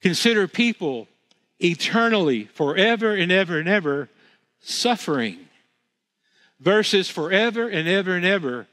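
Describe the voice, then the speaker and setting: A man's voice: high voice, lively intonation, moderate pace, a bit bright. A man preaching a sermon as pastor, earnest, repeating phrases for emphasis with frequent restarts. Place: church sanctuary. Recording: long reverb of a church hall.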